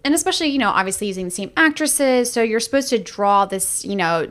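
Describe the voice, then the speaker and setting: Casual podcast co-host, a woman with a higher voice, chatty and analytical. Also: expressive, fast talker, a bit bright. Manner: chatty, analytical, frequent restarts. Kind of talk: casual movie review chat.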